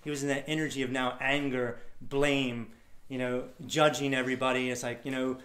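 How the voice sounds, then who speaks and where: A man's voice: medium pitch, flat delivery, brisk, fairly bright tone, reverberant. A man telling stories to an audience as a motivational speaker, acting out the voices of people he met and laughing often. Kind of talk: storytelling talk to a live audience.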